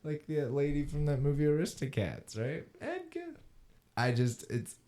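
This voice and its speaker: Podcast co-host, man, very dark mellow tone, casual reader with amused asides. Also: on the high side, normal speed. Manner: chuckling, reads articles with asides. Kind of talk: casual chat, reading news stories aloud.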